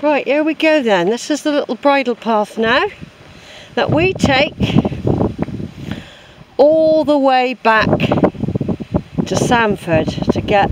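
A man with a very high voice talks to his audience as he hikes outdoors on a hillside trail, holding the camera himself. The vlog is casual and rambling but warm, and the recording is very noisy.

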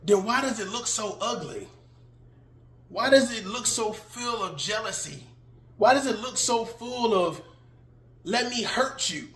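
A man's voice: high voice, animated, unhurried, fairly bright tone. A man giving a casual video monologue as an online commentator, firing off emphatic rhetorical questions and laughing often. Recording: roomy echo.

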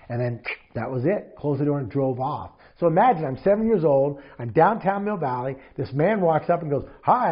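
Husky-voiced man in his fifties. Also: fairly high pitch, dull audio. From Marin County, California. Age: 50s. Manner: animated storyteller acting out quotes. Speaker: guest, mental toughness trainer. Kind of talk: casual interview storytelling.

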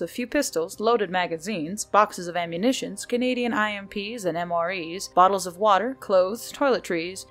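A woman reading a novel aloud for her channel, reading steadily and breaking off now and then to laugh and comment on the story. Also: medium pitch.

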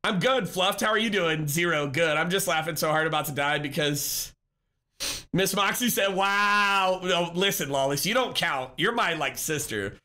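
A man's voice: fairly high pitch, moderate pace, bright, forceful tone. A man live-streaming, chatting casually and upbeat with his viewers, greeting and answering them by name.

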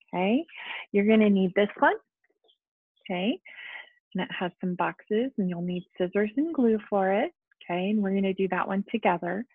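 A woman teaching young children at home over video, speaking slowly and patiently and checking in with them often. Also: mid-range voice, husky, no echo. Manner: slow, patient, coaxing, frequent "okay?". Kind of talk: remote lesson to young children. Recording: dry, phone-like lo-fi sound.

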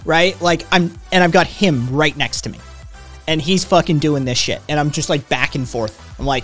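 Over faint background music, a man streams live from home, swearing and ranting as he talks to chat. He speaks at a moderate pace in a bright-ish voice on the high side.

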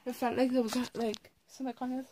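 A tired woman recounts a dream at home. She speaks in a fairly high voice and keeps reaching for words with fillers. She yawns her way through a relaxed family chat. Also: fast talker, a little hiss or hum. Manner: hesitant, filler-heavy telling. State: tired and yawning.

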